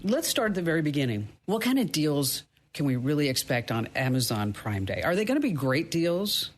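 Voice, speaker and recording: A woman's voice: deep voice, sing-song, brisk. A woman hosting a podcast interview who talks in a chatty way, with storytelling asides. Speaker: podcast host.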